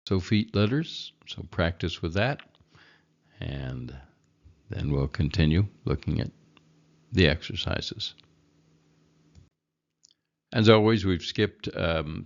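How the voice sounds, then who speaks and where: Male teacher, very low gravelly voice, unhurried, patient, dull lo-fi recording. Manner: slow, patient, repeats each word for learners. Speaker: Hebrew reading teacher. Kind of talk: recorded reading lesson.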